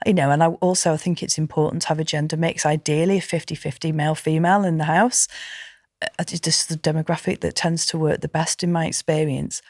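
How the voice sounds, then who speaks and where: A middle-aged woman, a landlord guest on an interview podcast, talking in an emphatic, animated and indignant way. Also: low voice, brisk, no echo, studio quality. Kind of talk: conversational interview.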